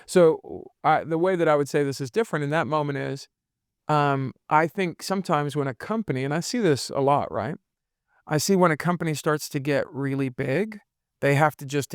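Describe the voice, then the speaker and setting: A man in his forties tells stories earnestly in a reflective podcast chat, acting out the voices of the people he quotes. His voice is gravelly yet smooth and resonant. The sound is close and dry. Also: on the high side, brisk, no room sound. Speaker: podcast host and business consultant. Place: his home.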